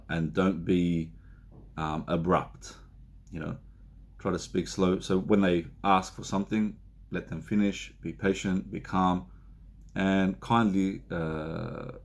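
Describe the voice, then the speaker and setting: Male counsellor, very low gravelly voice, relaxed filler-heavy delivery. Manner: unhurried, many fillers and restarts, acts out example speakers. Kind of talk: self-help talk to camera.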